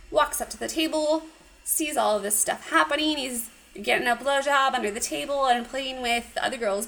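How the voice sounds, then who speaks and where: A woman casually recapping a cartoon episode, animated and giggly, acting out the characters' lines. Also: high-pitched, vocal fry, rough recording. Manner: animated retelling with acted quotes, giggly. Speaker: podcast co-host.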